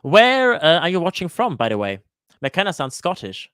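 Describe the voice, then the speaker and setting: Smooth-voiced man chatting on a livestream. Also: a little high, big pitch swings, brisk, fairly bright tone, no echo, studio quality. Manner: chatty, greets viewers from the chat by name; hesitant, with frequent "uh" fillers and restarts. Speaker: cooking channel host. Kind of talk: live-stream Q&A chat. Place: lives in Switzerland.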